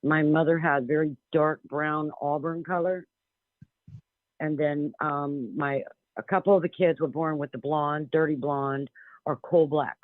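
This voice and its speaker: A man's voice: a little high, fairly even intonation, unhurried, dry recording. A man calling in to a radio show, telling a long personal story in an earnest, rambling way with many restarts. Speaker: caller. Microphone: telephone. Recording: tinny phone line.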